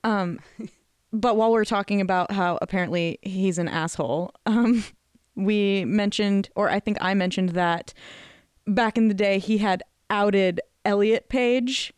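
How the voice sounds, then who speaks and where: A woman's voice: mid-range voice, unhurried, a little mellow, clear, resonant tone, no room sound. Playful woman podcast co-host. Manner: playful, joking. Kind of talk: casual chat.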